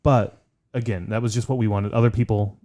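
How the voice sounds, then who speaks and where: A man's voice: on the low side, fairly even intonation, brisk, warm tone. A man co-hosting a podcast in casual chat, enthusiastic and swearing freely. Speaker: podcast co-host.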